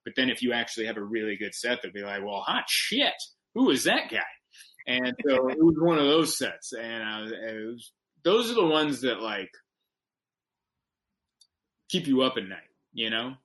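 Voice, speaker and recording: A man's voice: medium pitch, moderate pace, rough recording. Man, comedian guest, casual storytelling, rambling, acts out quotes. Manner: rambling, animated anecdotes with acted-out quotes.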